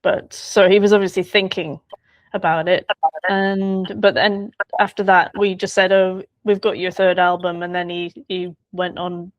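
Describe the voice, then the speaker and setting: A woman author recalling a friend in a relaxed interview, chatty and quick to laugh. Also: on the low side, no echo, lo-fi sound. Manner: chatty, laughs often, trails off and restarts. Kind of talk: conversational interview.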